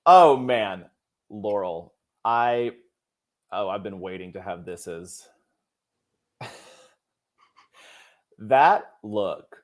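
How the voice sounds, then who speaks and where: A man hosting a casual podcast chat, expressive and emphatic, often laughing. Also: lowish voice. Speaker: podcast host.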